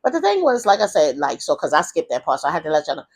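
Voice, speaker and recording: An animated woman tells a story from her past straight to the camera. She rambles and restarts often, and her pitch leaps up whenever she acts out what other people said. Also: very fast, husky. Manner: animated retelling, acting out quoted voices in a high pitch; rambling with many fillers and restarts. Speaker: vlogger telling her life story. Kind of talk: casual storytime monologue.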